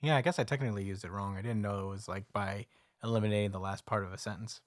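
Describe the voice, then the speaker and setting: A man's voice: fairly low pitch, fairly even intonation, quick pace, no room sound. Self-mocking podcast man, dry mic. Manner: laughing, self-deprecating. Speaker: podcast co-host. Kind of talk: casual chat.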